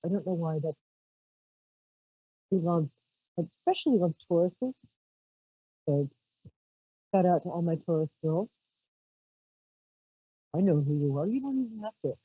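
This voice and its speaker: A woman's voice: on the low side, a little slow, pauses often, husky, no room sound, muffled recording. A woman from Brooklyn hosting a live psychic call-in show, chatty and self-mocking, breaking into squeals of delight. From Brooklyn, New York. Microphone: handheld mic held out.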